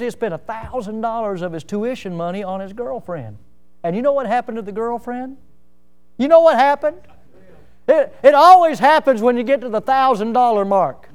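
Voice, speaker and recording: A man's voice: very high-pitched, expressive, normal speed, smooth. A male pastor preaching a sermon, telling stories and building to emphatic, rising passages.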